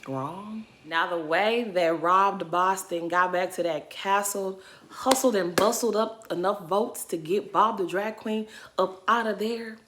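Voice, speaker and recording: A woman's voice: medium pitch, a little slow, a bit bright, slight background noise. A woman giving a casual, emphatic recap of a reality show, laughing often as she talks. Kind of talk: casual commentary.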